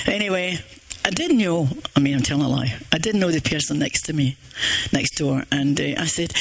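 A woman's voice: low voice, fairly quick, gravelly, slight background noise. Older Scottish woman giving church testimony. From Scotland. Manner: earnest, rambling storyteller with many restarts.

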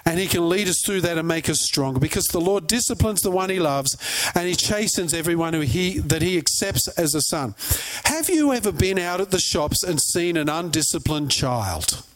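A man preaching with a high, bright-sitting voice. He tells stories with animation and keeps firing questions at his listeners. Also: normal speed. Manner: animated storyteller, asks the crowd questions. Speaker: pastor. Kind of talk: sermon.

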